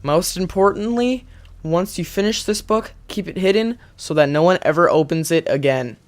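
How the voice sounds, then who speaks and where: Excitable man narrating a game. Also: high-pitched. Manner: excitable, gasping, quick to laugh. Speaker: gaming YouTuber. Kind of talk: let's-play commentary and reading game text aloud.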